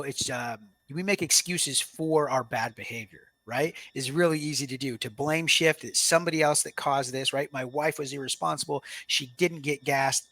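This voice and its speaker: A man in his thirties speaks earnestly and reflectively as a podcast guest, recounting a personal turning point and then coaching listeners directly. His voice is bright and forward, recorded close and dry with no room around it. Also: mid-range voice, dry recording. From Washington state, US. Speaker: podcast guest, Marine veteran. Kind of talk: casual interview storytelling.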